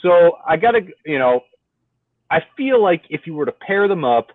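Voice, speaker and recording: A man co-hosting a casual podcast chat, telling stories in a profane, animated way over a remote call. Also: a little high, normal speed, no echo. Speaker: podcast co-host. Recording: tinny phone-like call audio.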